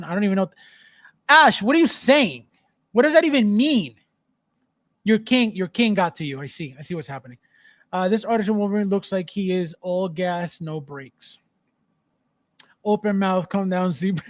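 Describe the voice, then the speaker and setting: A man's voice: sits high, lively intonation, normal speed. Man, livestream host, casual chat, blunt, ranting, emphatic. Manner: reads chat aloud, laughs often.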